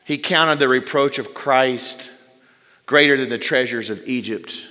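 A male preacher delivering a sermon with folksy humorous asides, swinging between loud bursts and hushed, drawn-out phrases. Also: mid-range voice. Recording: long reverb from a large hall.

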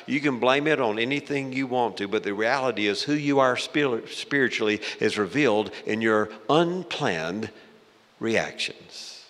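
A male pastor preaching a sermon, dramatic and shifting between loud bursts and hushed lines. His middle-pitched voice rings out with the long reverb of a church sanctuary. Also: animated, unhurried.

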